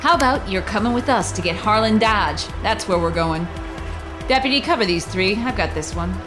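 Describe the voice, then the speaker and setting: A woman's voice: mid-range voice, animated, music in the background, natural voice. An actress playing a tough, commanding female federal marshal. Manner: brisk, commanding.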